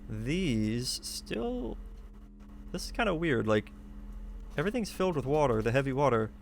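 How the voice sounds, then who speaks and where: A man's voice: medium pitch, sing-song, normal speed, gravelly, a little hiss or hum. Eager, chatty male game streamer. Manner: chatty, eager, thinks aloud while building. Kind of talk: live gameplay commentary. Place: hot room at home.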